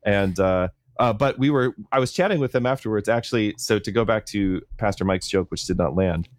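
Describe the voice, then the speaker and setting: A man's voice: lowish voice, fairly quick. A man co-hosting a podcast, telling stories in a rambling casual way with many fillers. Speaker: podcast co-host. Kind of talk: casual chat.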